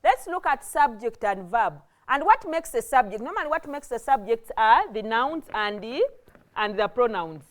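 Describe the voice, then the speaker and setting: A woman giving a televised classroom lesson as a teacher, explaining slowly, repeating herself and often checking with "okay?". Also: a little high, expressive. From Uganda. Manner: slow, repetitive explaining, with frequent restarts and "okay?" checks. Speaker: English teacher.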